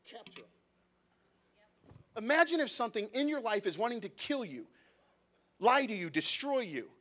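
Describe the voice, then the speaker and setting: High-pitched guy preaching at church, animated, chatty, gets real quiet sometimes. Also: a little fast. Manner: animated, conversational preaching with sudden drops to a hush. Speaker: pastor. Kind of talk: sermon. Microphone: handheld mic, sometimes set down.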